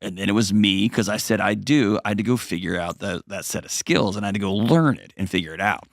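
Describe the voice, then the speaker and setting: A man's voice: fairly low pitch, quick pace, creaky, no echo. Brief: male advice-show host, blunt and earnest, dry studio sound. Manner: blunt, earnest, acts out quotes in mocking voices. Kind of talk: call-in advice conversation.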